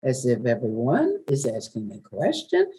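An older woman from New York, a veteran radio journalist, telling stories in a chatty, lively way as an interview guest. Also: a bass voice, moderate pace, slightly rough, poor audio. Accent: New York, softened. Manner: warm, chatty storyteller with laughs. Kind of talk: webinar interview.

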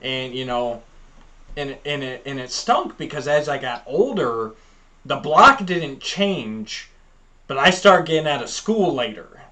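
A man's voice: mid-range voice, very animated, a little slow, bright, forceful tone. A man co-hosting a podcast, rambling animatedly through childhood memories in casual chat with many fillers. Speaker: podcast co-host.

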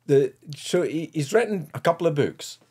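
A man's voice: on the high side, expressive, moderate pace, darkish tone, husky. An older man with a Scottish accent, a comedian telling anecdotes in casual podcast chat, laughing often. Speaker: guest comedian.

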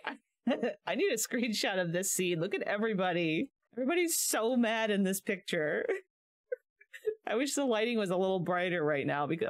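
A woman giving casual commentary while playing a life-sim game, chatty and quick to laugh and gasp at what happens. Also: mid-range voice. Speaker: gaming video creator.

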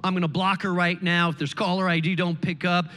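A pastor doing a blunt fix-it husband. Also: male voice, high voice, level tone, brisk, pushed and bright, big-room sound, voice pushed down. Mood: brisk.

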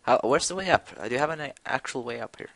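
A man's voice: mid-range voice, animated, fast talker, vocal fry, fairly bright tone. A young man chatting and joking while playing a video game with a friend. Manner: joking, teasing, laughs often. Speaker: gaming commentator. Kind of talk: casual gameplay chat.

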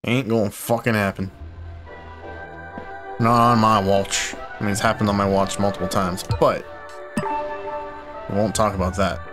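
Young male let's-player, lowish voice, foul-mouthed and puzzled, clear game music under him. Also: little pitch movement, normal speed, long pauses. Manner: frustrated, swearing a lot, bursts of loud surprise. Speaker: gaming YouTuber. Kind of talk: let's play commentary. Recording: game music playing behind.

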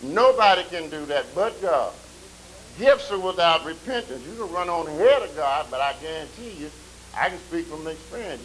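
Preaching pastor, dramatic scripture reading. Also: male voice, fairly high pitch, rough recording. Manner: slow, drawn-out scripture reading with sudden loud swells; colloquial, calls and responses to the congregation. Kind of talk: preaching a sermon. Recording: faint tape hiss.

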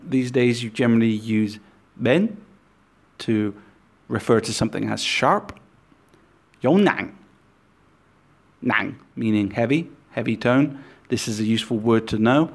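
A man teaching a language lesson, speaking deliberately and repeating example words for learners. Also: mid-range voice.

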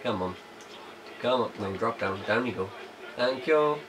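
A man's voice: on the low side, steady tone, normal speed, crowd noise, rough recording. Playful male gameplay commentator. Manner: jokey, playful, hums and mutters to himself. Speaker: let's play host.

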